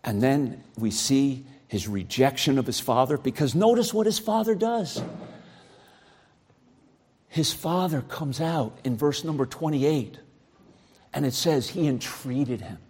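Impassioned male preacher, lively high voice. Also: unhurried, pauses often, husky. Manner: dynamic, swings from shouting to low quiet. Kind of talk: sermon.

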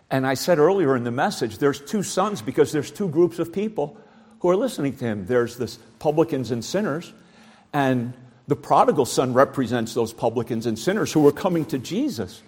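A man preaching a sermon, swinging between loud, shouting emphasis and low, quiet passages. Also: breathy edge.

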